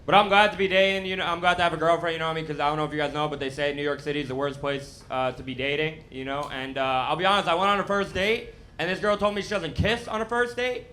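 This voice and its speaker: A young American man with a lisp delivers stand-up in a bright, slightly raised voice. His self-mocking lines come out deadpan into a handheld stage mic, with a comedy club audience laughing around him. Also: fairly high pitch, quick pace, hardly any pauses, slight background noise. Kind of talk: stand-up set.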